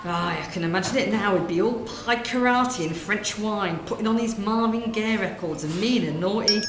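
A woman's voice: mid-range voice, normal speed, noisy background, close to an everyday voice. A woman voicing a chatty, nosy middle-aged shopkeeper in a comedy sketch. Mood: gossipy. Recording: roomy room sound.

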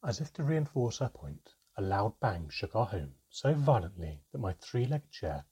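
A man narrating a storybook in an expressive way, raising his voice for the characters. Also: moderate pace, slightly rough. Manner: expressive, shifts pitch for dialogue.

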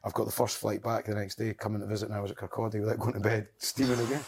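A man's voice: fairly low pitch, flat delivery, rapid-fire, creaky, husky. A Scottish man, a guest on a podcast, telling wild anecdotes in casual chat, swearing and laughing as he goes. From Scotland.

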